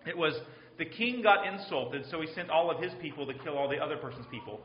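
A man's voice: on the high side, animated, fast, slight background noise. A man preaching a sermon, earnest and pleading, with a habit of repeating phrases. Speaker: pastor. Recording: roomy, slightly dull sound.

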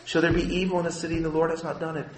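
A man preaching a sermon as a pastor, impassioned and shifting between quiet and loud passages. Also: on the high side, flat delivery, very fast, echoey room, slight background noise.

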